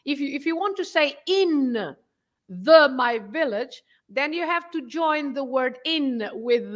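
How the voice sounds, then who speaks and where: A woman's voice: high-pitched, fairly bright tone. A woman whose first language is Portuguese, patiently explaining grammar step by step as a language teacher. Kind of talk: casual language lesson.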